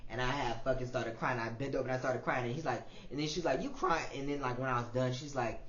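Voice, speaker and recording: A man in his twenties hosting a podcast, talking through a reflective personal monologue in an emotional, repetitive way, often soft and then swelling louder. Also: medium pitch, fairly even intonation, quick pace. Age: 20s. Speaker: podcast host. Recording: roomy, dull lo-fi audio with faint ambience.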